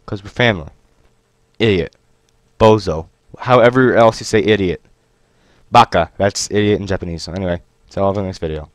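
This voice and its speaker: A young man doing gameplay commentary on a headset mic at home, excitable and yelping at the game. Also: sits low, a little fast, no echo. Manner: excitable, yelps and shouts at the game. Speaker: gaming YouTuber.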